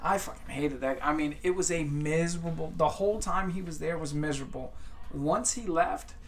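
A man who is an army sergeant veteran, telling animated, profane stories and mimicking the people in them. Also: on the high side, moderate pace, a little hiss or hum. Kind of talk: casual storytelling chat.

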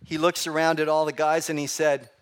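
A man's voice: fairly high pitch, fairly quick, smooth. Man preaching through a personal story. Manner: storytelling, lively emphasis, quotes dialogue.

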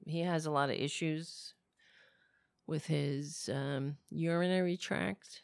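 A woman with a cracking, raspy voice, talking casually at home in a rambling, swearing vlog. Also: sits low, dry recording, clean studio sound. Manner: swears freely, rambles and talks to her cats.

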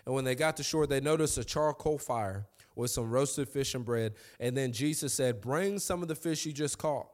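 A man preaching a lively sermon. His voice climbs high and loud when he gets fired up, then drops to quiet asides. His pitch sits in the middle range for a man. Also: moderate pace, few pauses. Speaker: pastor.

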